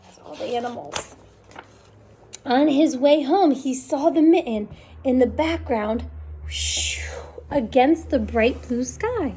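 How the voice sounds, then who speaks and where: A woman reading a picture book aloud to young children, in an expressive, animated manner with sound effects. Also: high voice, unhurried, a little hiss or hum. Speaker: storytime reader.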